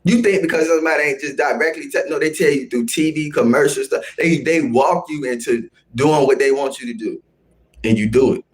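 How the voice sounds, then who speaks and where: A male live-streamer lectures and scolds his chat. He keeps repeating his lines and threatens to boot people, his voice sitting slightly high for a man. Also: fairly quick. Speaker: livestream host. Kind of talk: casual live-stream rant.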